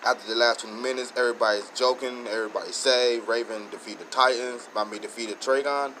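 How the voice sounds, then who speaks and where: A man hosting his own channel, giving a rambling, excited casual review with many restarts and self-corrections. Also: mid-range voice, quick pace, slight background noise, poor audio. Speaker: show host reviewing episodes.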